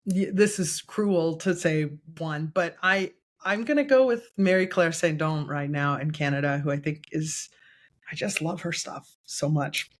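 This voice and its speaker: A woman's voice: sits low, a little slow. A woman guest in a casual podcast interview, a candid, chatty storyteller who often laughs. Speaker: guest choral conductor and educator.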